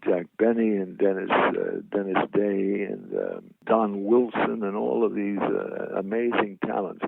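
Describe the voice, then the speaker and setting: An older man with a deep, gravelly, husky voice tells rambling, self-deprecating stories in a casual interview. His voice comes through a tinny, dry, phone-like line. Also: fairly even intonation, unhurried, a little hiss or hum. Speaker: guest, veteran actor.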